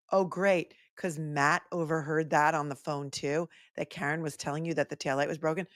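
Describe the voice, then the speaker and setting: A woman attorney hosting live trial commentary, reacting with sarcastic, animated asides. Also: deep voice, normal speed, hardly any pauses, no room sound, studio quality.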